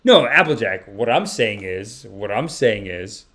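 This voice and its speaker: A man hosting a casual livestream podcast, reacting to clips with lively joking commentary, laughing often and talking straight to his chat. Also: on the low side, unhurried.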